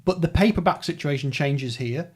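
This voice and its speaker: A man's voice: a little high, lively intonation, moderate pace, breathy edge. A man hosting a casual podcast chat, rambling through details in a chatty way. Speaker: podcast host. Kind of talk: casual book-club chat.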